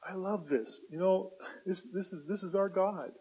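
A man's voice: high voice, normal speed, husky, lo-fi sound. A man preaching a sermon at a church service, earnest, repeating key phrases for emphasis and often stumbling and restarting. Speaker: pastor.

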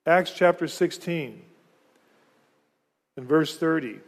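A man's voice: on the high side, normal speed. A man preaching a sermon as pastor, speaking earnestly and often repeating words and restarting phrases. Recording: long reverb of a large hall.

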